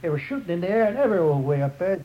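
A man's voice: high voice, lively intonation, rapid-fire. A man giving an oral history retelling in a rambling way, with many restarts and repeated phrases. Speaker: storyteller. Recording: dull lo-fi tape recording.

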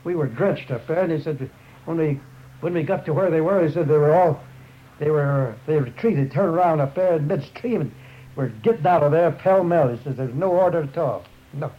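A man's voice: on the high side, normal speed. A man giving an oral history retelling in a rambling way, with many restarts and repeated phrases. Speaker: storyteller. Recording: dull lo-fi tape recording.

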